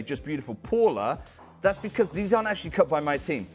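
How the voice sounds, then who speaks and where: A man's voice: a little high, very animated, fast talker, darkish tone, soft background music. Urgent shopping channel salesman. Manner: urgent, persuasive, addresses viewers by name. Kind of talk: fast live sales pitch. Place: TV studio.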